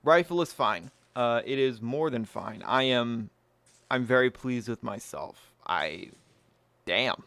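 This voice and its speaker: A man's voice: medium pitch, slow pace, creaky, a bit bright, no echo. A man hosting his own firearms channel, talking casually and bluntly to camera, swearing freely and pleased with himself. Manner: blunt, profane, self-satisfied.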